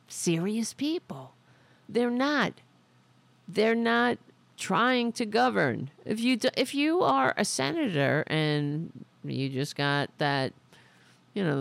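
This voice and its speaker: A woman's voice: deep voice, creaky, no room sound. A woman hosting a political commentary podcast, delivering a sarcastic, profane, indignant opinion rant.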